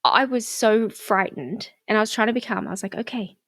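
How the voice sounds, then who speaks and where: A woman's voice: medium pitch, animated, a little fast, fairly bright tone, no echo, studio quality. A woman, co-hosting a podcast and telling a story in casual chat, acting out quotes and swearing freely. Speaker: podcast co-host.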